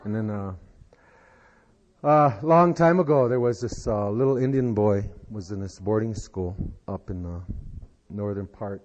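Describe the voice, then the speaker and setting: A man telling a long folksy joke as a speaker at a recovery meeting, unhurried and full of "he said". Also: lowish voice, a little mellow. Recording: dull lo-fi 1990s tape.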